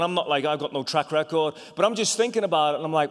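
A male evangelist preaching in a large hall with a long, trailing reverb. His voice sits a little high for a man. He is animated, stumbles through restarts, and swings from hushed asides to loud bursts. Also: very fast, few pauses. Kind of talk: sermon.

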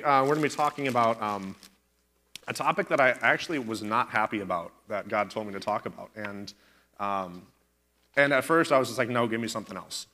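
A man's voice: lowish voice, bright, forceful tone. A man teaching a church group in a chatty, joking sermon, laughing between points and talking into a corded microphone. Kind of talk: casual sermon with a joke.

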